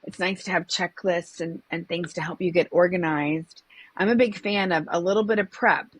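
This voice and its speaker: A woman's voice: on the low side, fairly even intonation, moderate pace, breathy edge. A woman guest, a comedian and presentation coach, speaking in an upbeat, enthusiastic way in a casual interview.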